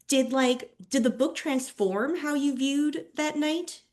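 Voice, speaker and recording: A woman's voice: high-pitched, slow, a little mellow. A young woman hosting a podcast interview, building long, thoughtful questions with fillers as she goes. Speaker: podcast host. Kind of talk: casual interview.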